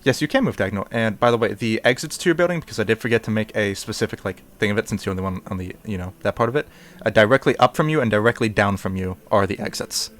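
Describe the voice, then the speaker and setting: A man's voice: lowish voice, expressive, quick pace, fairly bright tone. A man running a tabletop game as game master, narrating in a rambling way with many fillers. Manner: rambling, full of fillers and restarts.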